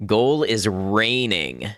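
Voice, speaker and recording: A man's voice: fairly low pitch, sing-song, very slow, a bit bright, dry recording, clean studio sound. A man casually commenting on his game as he plays, thinking aloud and chuckling often. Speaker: gaming streamer. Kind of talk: casual let's-play commentary.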